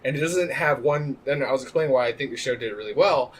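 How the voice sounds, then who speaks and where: A man's voice: mid-range voice, fast talker, slight background noise. A man co-hosting a podcast, chatting casually and rambling with frequent restarts. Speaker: podcast co-host. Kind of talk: casual chat.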